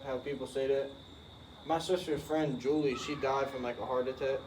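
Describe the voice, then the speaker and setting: A man's voice: medium pitch, normal speed, distant mic, slight background noise, rough recording. A man co-hosting a casual video, chatting in slang and telling a story. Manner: relaxed, slangy, wraps up the video. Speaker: channel co-host. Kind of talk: casual chat.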